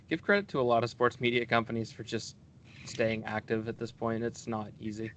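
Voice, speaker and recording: A man's voice: mid-range voice, moderate pace, a bit bright, slight background noise. A man making blunt, offhand remarks on a sports podcast. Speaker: podcast co-host. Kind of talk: casual chat.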